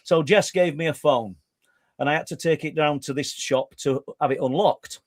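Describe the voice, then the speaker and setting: A talkative middle-aged man with a Yorkshire accent spins out a story as a guest, tripping over his words and starting again. His voice sits fairly high for a man, and the sound is dry and close with almost no room on it. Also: moderate pace, no room sound. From Yorkshire, England. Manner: talkative, stumbling restarts, animated. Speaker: guest researcher. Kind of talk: storytelling in conversation.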